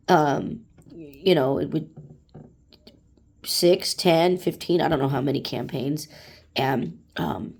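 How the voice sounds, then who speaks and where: In this casual monologue, a vlogger in her late forties vents bluntly, swearing freely. Her voice is lowish and a little mellow, and she acts out angry customers in a raised voice.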